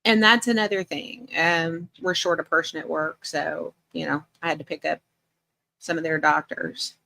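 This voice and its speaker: A woman's voice: sits low, steady tone, normal speed, vocal fry, bright, forceful tone. A middle-aged woman hosting a casual livestream chat, greeting viewers by name and laughing often as she talks. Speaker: livestream host.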